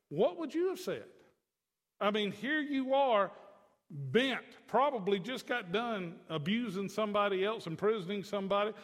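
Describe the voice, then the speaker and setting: High-voiced preacher man in reverberant church. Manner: folksy, chatty asides to the congregation. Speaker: pastor. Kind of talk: conversational sermon. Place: church sanctuary.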